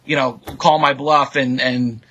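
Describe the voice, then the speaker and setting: A man's voice: medium pitch, steady tone, a little slow, sharp tone, slightly rough, poor audio. A man in a mediation show, casually joking and dodging questions about what he owes. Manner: joking, evasive, rambling. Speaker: roommate in a dispute. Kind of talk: casual defensive banter.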